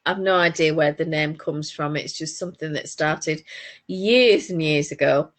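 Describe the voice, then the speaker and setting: A woman's voice: sits low, normal speed. A woman from northern England, co-hosting a crafting podcast in casual, rambling chat full of restarts. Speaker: podcast co-host.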